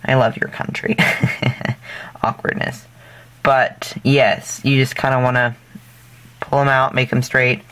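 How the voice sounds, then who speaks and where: A man's voice: mid-range voice, flat delivery, slow pace, pauses often, fairly bright tone. Rambling man giving a casual craft tutorial. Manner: rambling, loose, full of fillers and self-corrections; jokey and self-deprecating asides.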